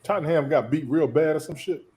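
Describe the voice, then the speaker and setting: Male co-host, husky and a touch high. Blunt, profane, casual banter. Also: a little fast, a little mellow, dry recording. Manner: blunt, profane trash talk. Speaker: podcast co-host.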